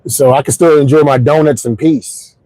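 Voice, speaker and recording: A comedian in his forties riffs through a stand-up style monologue from his car, his voice sitting high for a man. He delivers jokes in an animated way, punching punchlines with sudden shouts. The sound is dry and close. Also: normal speed, no room sound, low-quality recording. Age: 40s. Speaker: comedian and podcast host. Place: in his car while commuting home.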